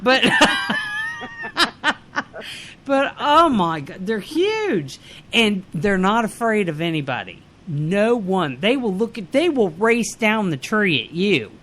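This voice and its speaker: A woman co-hosting a comedy podcast, chatting casually and laughing often as she tells animated stories. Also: medium pitch, takes it slowly. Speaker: podcast co-host.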